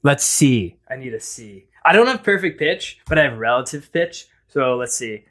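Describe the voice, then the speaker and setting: A man's voice: mid-range voice, lively intonation, normal speed, fairly bright tone. A man co-hosting a casual comedic chat, rambling and hesitant with a playful edge. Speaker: podcast co-host.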